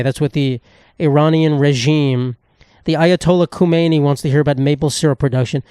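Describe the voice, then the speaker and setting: A man's voice: a little high, normal speed, dark tone, smooth, no echo, studio quality. A man in his twenties hosting a solo comedy podcast, ranting profanely and sarcastically, jumping into silly voices. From United States. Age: 20s. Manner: profane, rambling, sarcastic, with sudden jumps into silly put-on voices. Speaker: podcast host.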